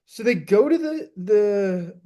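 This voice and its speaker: A man's voice: sits high, lively intonation, takes it slowly, warm tone, lo-fi sound. A young man co-hosting a podcast, chatting casually about a movie, rambling with many restarts and slipping into mock voices for quotes. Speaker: podcast co-host. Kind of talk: casual movie review chat.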